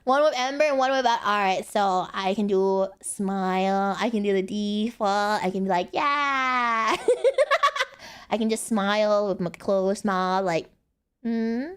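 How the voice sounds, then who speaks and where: A woman's voice: medium pitch, steady tone, moderate pace, smooth. A young woman streaming casually, rambling playfully and laughing often. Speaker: VTuber streamer. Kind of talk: casual live-stream chat.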